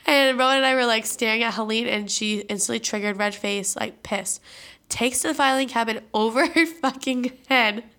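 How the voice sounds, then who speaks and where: Bright gravelly young woman, chatty. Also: fairly high pitch, normal speed. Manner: animated, profane, lots of "like" fillers. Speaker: podcast co-host. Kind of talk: casual storytelling chat.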